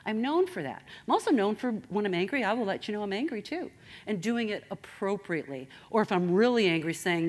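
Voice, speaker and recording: A woman giving a motivational talk, animated and straight-talking. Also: medium pitch, brisk. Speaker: speaker.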